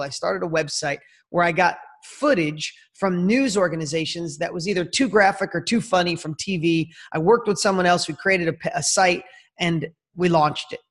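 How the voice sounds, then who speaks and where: Man, fifties, podcast guest, high-pitched, excitable slangy storyteller, talks straight to the host. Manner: energetic, slangy, addresses host directly. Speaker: interview guest. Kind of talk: casual storytelling.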